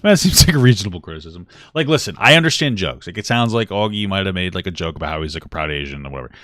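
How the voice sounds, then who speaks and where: A man's voice: low voice, expressive, very fast, fairly bright tone, no room sound, studio quality. A young man talking through a live stream reaction, blunt, irritated at times, swearing and saying "like" a lot. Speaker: livestream commentator reacting to a video.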